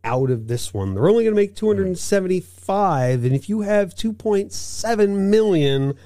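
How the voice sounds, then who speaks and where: A man hosting a car podcast, with a lively, bouncing pitch and a mellow tone. He reads out news items in a casual chat and drops playful asides. The sound is dry and close. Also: moderate pace, no room sound. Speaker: podcast co-host.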